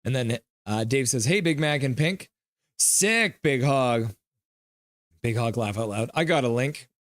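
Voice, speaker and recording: Young male streamer, mid pitch, dry close mic, reads chat aloud and calls the play. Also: moderate pace, no room sound. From Canada. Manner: reads chat messages aloud, chatty, jumps into game commentary. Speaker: live stream host.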